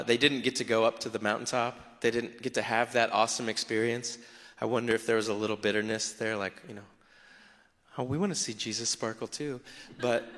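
A man, a pastor, preaching a sermon in a conversational, animated way with acted asides. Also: mid-range voice, big-room sound.

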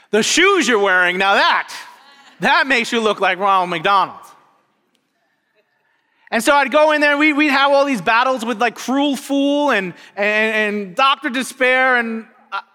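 A man pastor telling a story in a sermon, animated and rising high at the climax, recorded in a church. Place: church sanctuary. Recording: long reverb of a church hall.

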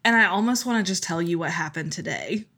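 A woman's voice: on the low side, animated, fast talker, heavy background noise. A woman pastor who is a podcast guest, telling a story in casual chat with a wry manner and laughing often.

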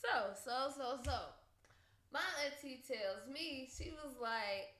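A young woman telling a story in casual chat, animated and profane, with bursts of laughter. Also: high-pitched, takes it slowly. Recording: roomy echo.

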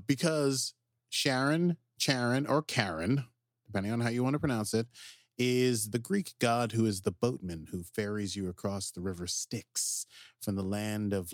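A man with a fairly low voice talks through a TV episode in relaxed podcast chat, getting excited and jumping high when the plot turns. The sound is dry and close, with no room around him. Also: unhurried, dry recording. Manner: animated, jumps into quoted character voices. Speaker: podcast co-host. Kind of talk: casual recap chat.

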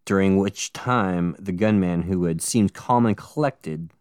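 A man's voice: low voice, unhurried, a little mellow, smooth, dry recording, clean studio sound. A man co-hosting a casual true-crime podcast, reading out the case and cutting in with jokey, sweary asides. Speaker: podcast co-host.

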